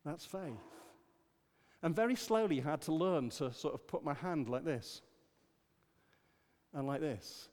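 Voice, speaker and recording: A man's voice: a little high, measured pace, pauses often. Older male preacher in a reverberant hall. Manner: rises to emphatic declarations, then drops to quiet storytelling. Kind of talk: sermon.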